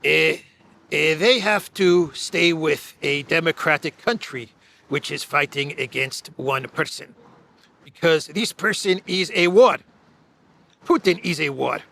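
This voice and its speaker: A man putting on the voice of a foreign male president who speaks broken, emphatic English with drawn-out "eh" sounds. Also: a little high, vocal fry, a bit bright. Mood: pleading.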